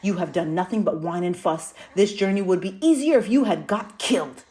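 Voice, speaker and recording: Woman reading a curt teen big sister, low voice, blunt and sharp. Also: brisk, lightly acted. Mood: snapping. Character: harsh, blunt teenage older sister.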